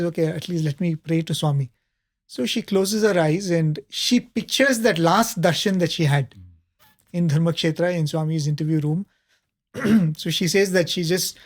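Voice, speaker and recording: A man, a panelist telling a spiritual story in a conversational way, often pausing with fillers and soft laughs. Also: sits high.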